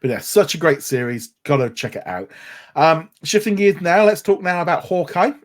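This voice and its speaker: A man's voice: fairly high pitch, normal speed. Brief: male podcast co-host, eager and rambling, casual review chat. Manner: enthusiastic, rambling with frequent restarts.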